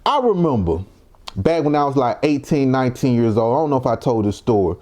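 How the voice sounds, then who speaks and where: A young man from Mississippi, a commentary vlogger, delivers heated, provocative reaction commentary full of rhetorical questions. His medium-pitched voice is mellow and sing-song, and he talks a little fast.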